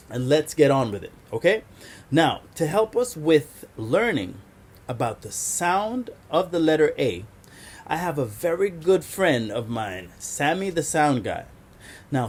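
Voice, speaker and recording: A man's voice: on the high side, a little mellow. A man teaching a kindergarten phonics lesson, patiently sounding out letters for young children.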